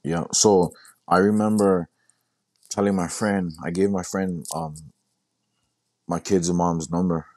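A young man casually telling a personal story in a halting way, often repeating himself and quoting what he said. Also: low voice, steady tone, darkish tone, no room sound. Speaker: guest sharing his story.

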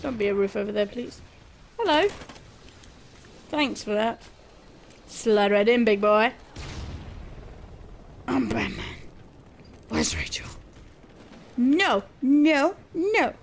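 A woman's voice: fairly high pitch, lively intonation, slow, pauses often, slight background noise. A young woman streaming a shooter game, chatting casually with her viewers, joking, laughing and swearing freely. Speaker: gaming streamer.

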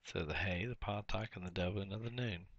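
A man's voice: low-pitched, brisk, a bit bright, dry recording, muffled recording. A man teaching a workbook lesson, explaining each step and repeating key words.

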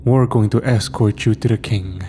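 A man's voice: fairly low pitch, fairly even intonation, normal speed, dark tone, a little hiss or hum, lightly acted. A man voicing a smug demon posing as a young man, speaking with casual, mocking menace.

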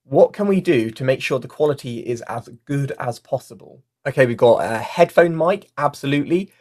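Speaking into a foam-covered mic, this facilitator runs a relaxed online workshop, responding to chat comments and using fillers like "like" and "you know." The voice is medium-pitched and a little mellow, with lively intonation and a moderate pace.

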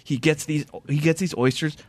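A man's voice: on the high side, moderate pace, dry recording. A man hosting a casual chat, telling a long story with many restarts and acted-out quotes. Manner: rambling, animated, lots of restarts and quoted dialogue. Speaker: podcast host.

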